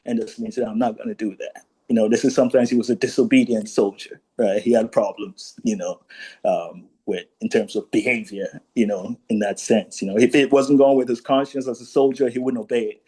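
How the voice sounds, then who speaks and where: A man with a mellow, dark-toned voice at a middling pitch, lecturing on history in a loose, conversational way. He keeps checking in with his listeners with "right?" and "you know," and he pauses often as he gathers his thoughts. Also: husky, poor audio. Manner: reads quoted speeches aloud, then comments. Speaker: speaker at a commemoration talk.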